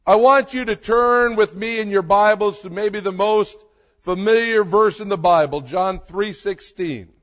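Slow, emphatic preacher in a reverberant hall. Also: male voice, high-pitched, fairly bright tone. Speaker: pastor. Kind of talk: sermon.

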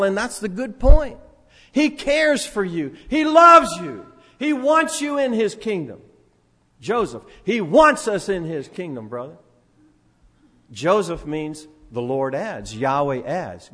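An older man preaching a sermon in a church, swinging between loud proclamation and quiet asides. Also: fairly high pitch. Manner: sings a few lines of a song. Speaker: pastor. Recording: long hall reverb.

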